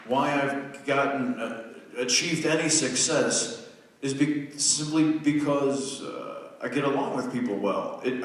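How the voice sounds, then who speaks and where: A man in his forties giving a humorous, self-deprecating talk to a live audience, telling stories conversationally with quick restarts. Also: medium pitch, a bit bright. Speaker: guest speaker. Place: large lecture hall. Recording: distant mic in an echoey hall.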